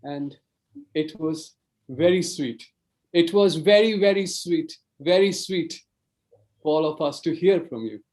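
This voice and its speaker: A man's voice: a little high, lively intonation, measured pace, a little mellow, low-quality recording. A man hosting a program, graciously thanking the speaker and repeating his thanks. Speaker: program host. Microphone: video call mic.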